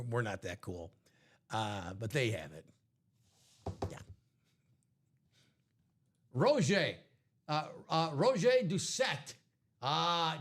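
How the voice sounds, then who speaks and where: A man co-hosting a live sports card break, chatting and rambling through sports tangents. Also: mid-range voice. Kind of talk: casual live-stream banter.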